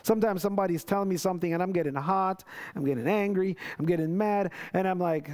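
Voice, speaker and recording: A man preaching a sermon in an earnest, conversational way, with many restarts and lively quoted prayers. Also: high-pitched, fast talker.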